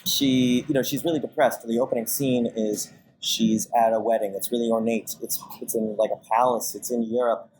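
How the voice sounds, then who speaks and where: A man's voice: medium pitch, moderate pace, hardly any pauses, slight background noise, rough recording. Man rambling with lots of fillers. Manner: rambling, heavy on fillers and restarts; animated, acts out his own reactions. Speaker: podcast guest, casting director and manager. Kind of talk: casual conversational interview.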